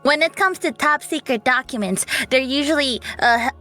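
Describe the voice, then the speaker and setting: A woman's voice: high voice, normal speed, bright, forceful tone, faint music behind. A woman playing a tabletop role-playing game in a playful, giggly way. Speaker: player.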